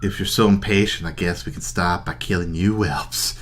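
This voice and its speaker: A man's voice: low voice, steady tone, moderate pace, slight background noise, close to an everyday voice. A man voicing a brutish, menacing male bandit leader in a put-on Kentucky accent, with a gloating drawl. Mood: gloating menace.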